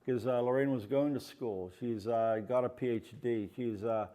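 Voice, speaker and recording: With a mellow, mid-range voice, fairly even intonation, and normal pacing, an older man from around Pittsburgh rambles through anecdotes as the featured artist at a live gallery talk. He leans on "you know" often and acts out the voices he quotes.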